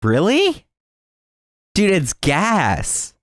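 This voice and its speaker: A man's voice: high-pitched, wildly swooping pitch, extremely slow, dry recording. A young man co-hosting a podcast in casual chat, joking and rambling through stories. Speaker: podcast co-host.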